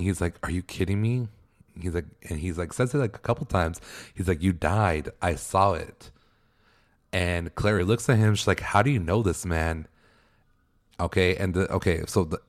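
A man with a notably low-pitched voice hosts a solo podcast recap. He talks casually and excitably, gushing and groaning, with many fillers and quick laughs. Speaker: podcast host.

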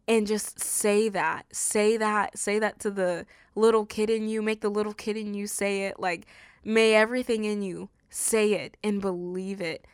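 A woman's voice: medium pitch, steady tone, a little slow, smooth, dry recording, clean studio sound. A woman hosting a faith podcast, speaking in an earnest, tender and emotional way, often saying "like". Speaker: podcast host. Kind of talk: heartfelt faith podcast monologue.

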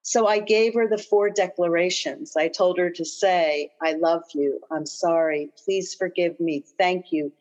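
A woman coach who leads a guided affirmation practice and tells personal stories, repeating phrases slowly and earnestly. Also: fairly low pitch, steady tone, darkish tone. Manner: slow, earnest repetition of phrases. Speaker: guest coach and author. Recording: dull lo-fi audio.

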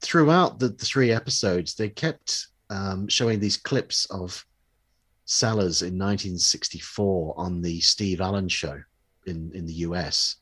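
A man's voice: deep voice, measured pace, a bit bright, breathy edge. A man co-hosting a podcast, talking casually and hesitantly about a documentary. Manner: hesitant, full of fillers and restarts. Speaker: podcast co-host. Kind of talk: casual chat reviewing a documentary.

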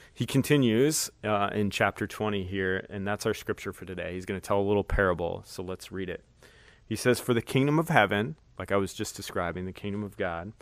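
A man's voice: fairly low pitch, no room sound. A man, a pastor, giving a conversational sermon with speech and frequent fillers.

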